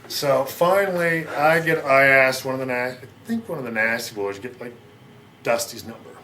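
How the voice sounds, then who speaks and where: A middle-aged American man in a sit-down interview, telling a long story in a rapid, rambling way and acting out what others said. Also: mid-range voice, sharp tone, slight background noise. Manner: rapid, rambling, acts out quoted lines.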